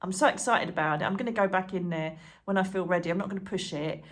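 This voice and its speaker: A woman chatting to camera as a channel host, excitable and rambling, full of asides and fillers. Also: lowish voice, fast talker. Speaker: psychic medium and channel host. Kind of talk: casual chat to camera.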